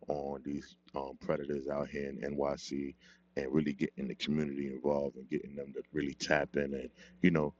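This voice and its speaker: A man with an extremely deep voice hosts a casual commentary show. He talks in a relaxed, conversational way and keeps checking in with his listeners. The audio sounds a little muffled and lo-fi. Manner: laid-back, repeats "you know what I'm saying".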